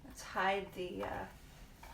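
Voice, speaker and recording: A woman's voice: mid-range voice, completely flat delivery, extremely slow, vocal fry, fairly bright tone, reverberant, recorded from a distance, slight background noise. A woman hosting a casual live cooking demo in a home kitchen, chatting and explaining as she works, often stopping mid-sentence. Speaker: cooking show host.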